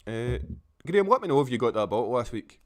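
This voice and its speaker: A man's voice: medium pitch, sing-song, quick pace. A man hosting a live stream, reading out viewer names with crude, joking banter. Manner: crude, joking shout-outs to chat viewers. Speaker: show host.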